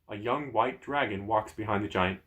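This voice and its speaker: A man's voice: lowish voice, normal speed. Man reading a gamebook aloud. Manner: lively reading with casual asides. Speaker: host.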